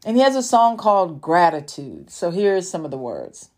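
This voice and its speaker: A woman hosting a faith-based podcast, speaking in a slow, emphatic, conversational way. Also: lowish voice, big pitch swings, darkish tone. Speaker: podcast host.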